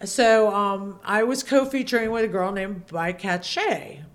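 A woman guest telling stories in casual chat, animated and laughing, acting out her own panicked quotes with loud high yelps. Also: measured pace. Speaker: podcast guest, former feature dancer.

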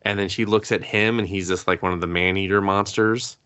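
A man's voice: sits low, a little fast, clean tone, no echo. A man casually recapping an anime episode on a podcast, swearing freely and acting out the characters' lines. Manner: profane, animated storytelling, acts out characters' lines. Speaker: podcast co-host.

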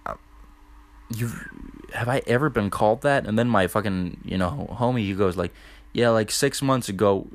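Young male podcast host, slightly low voice, relaxed profane storytelling, lots of "dude". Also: moderate pace. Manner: loose and profane, heavy on "dude" and "like". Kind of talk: casual storytelling monologue.

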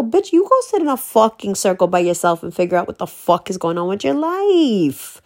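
A woman's voice: high voice, big pitch swings, a little mellow. Blunt, profane woman ranting. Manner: blunt, profane, emphatic, swings between slow stresses and fast bursts. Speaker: vlogger. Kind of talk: casual ranting monologue.

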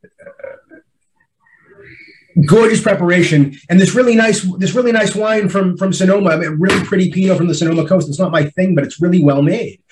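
A man's voice: high voice, fairly quick, noisy background. A man, a sommelier at wine dinners, telling a story in a casual chat, with many restarts and acted-out bits of dialogue.

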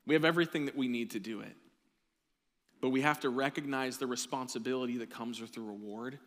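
A man preaching as a pastor, his mid-range voice carrying through a church sanctuary with a long echo. He drives his points home with emphatic, slowed-down repetition. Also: mid-range voice, a bit bright. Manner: preaching with rising intensity and emphatic slow repetition. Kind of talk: sermon.

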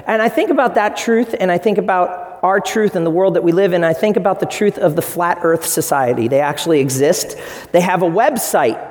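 A man preaching a sermon as pastor, telling stories with lively acted-out quotes. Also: high-pitched, brisk, in a large hall. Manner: animated storytelling with acted-out quotes.

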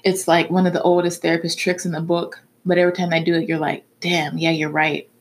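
A woman's voice: lowish voice, little pitch movement, a little fast, a little hiss or hum. A woman hosting a casual solo podcast, talking candidly and frankly and swearing now and then. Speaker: podcast host.

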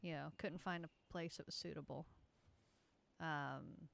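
Guest in a relaxed chat, gravelly fry but a smooth resonant tone. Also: medium pitch, unhurried. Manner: relaxed, easygoing, says "you know" a lot. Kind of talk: casual chat.

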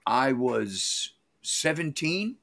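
A man's voice: medium pitch, drawn-out words, creaky. A middle-aged man co-hosting a movie review podcast, teasing the others and retelling scenes with jokes. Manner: joking, teasing, animated storytelling. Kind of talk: casual movie review chat.

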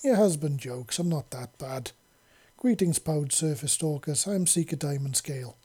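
A proud male alien warrior gives a ceremonious, formal greeting, voiced by a narrator. The voice is mellow and husky, raised in pitch and force for the part. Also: lively intonation, normal speed.

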